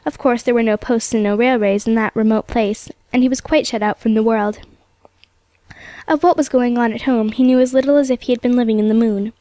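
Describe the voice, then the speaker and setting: A woman narrating an old storybook aloud in a steady, measured reading. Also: on the high side, no echo.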